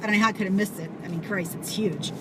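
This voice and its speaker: A woman telling a story to camera in an animated, casual way, swearing and full of fillers. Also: medium pitch, rapid-fire. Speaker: vlogger. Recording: audible background noise.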